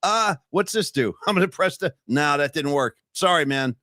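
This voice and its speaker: A man's voice: fairly high pitch, expressive, normal speed, pushed and bright, no echo, studio quality. A man co-hosting a live-streamed podcast, chatting casually and rambling in a self-deprecating way. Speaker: podcast co-host.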